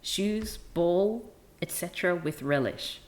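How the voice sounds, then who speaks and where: A woman's voice: lowish voice, lively intonation, takes it slowly. Woman putting on a bossy young girl. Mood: boastful. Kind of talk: comic reading with voices.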